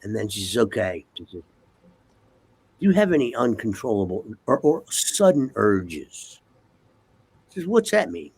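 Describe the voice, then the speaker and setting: Interview guest, male, gravelly and husky, swears freely while acting out scenes. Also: fairly low pitch, a little slow, pauses often. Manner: profane, animated storyteller acting out dialogue. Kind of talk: casual storytelling.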